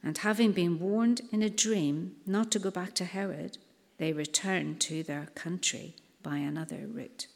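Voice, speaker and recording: A woman reading scripture aloud in a measured, solemn way. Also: fairly low pitch, gravelly. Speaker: scripture reader. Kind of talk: Bible reading in church. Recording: long hall reverb.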